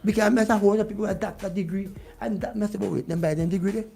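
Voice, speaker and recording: A man's voice: high-pitched, fairly even intonation, rapid-fire, gravelly, mellow, breathy edge, faint music behind. A man with a Vincentian accent, talking heatedly about politics on a radio show and repeating his points. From Saint Vincent. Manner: vexed, ranting, repeats points. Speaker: radio guest.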